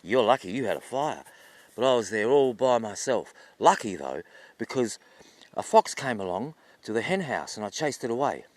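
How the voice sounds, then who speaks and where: A put-out farm dog grumbles about his cold night, as a man voices him. The voice is plain and near the storyteller's own, rising in a lively way. The sound is close and dry. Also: medium pitch, normal speed, dry recording, natural voice. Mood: aggrieved. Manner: complaining.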